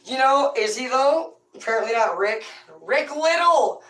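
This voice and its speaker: A woman's voice: fairly high pitch, normal speed, a bit bright. A woman hosting a tarot channel, ranting casually with brash, profane, rambling talk. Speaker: tarot reader and host. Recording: echoey room, voice far from the mic.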